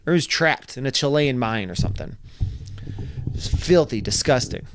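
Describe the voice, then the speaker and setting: A man tells a story in a casual, rambling way, repeating words as he goes. His voice sits in a middle pitch, and the sound is dry and close with no room around it. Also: expressive, normal speed, no echo. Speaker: vlogger telling a story.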